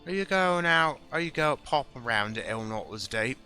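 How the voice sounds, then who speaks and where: A man's voice: medium pitch, expressive, moderate pace, pushed and bright, soft background music, voice pushed up. A man putting on a brash, jeering Cockney accent to play a rowdy bloke during a game video. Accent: Cockney (put on). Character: rowdy mocking Cockney bloke, male adult.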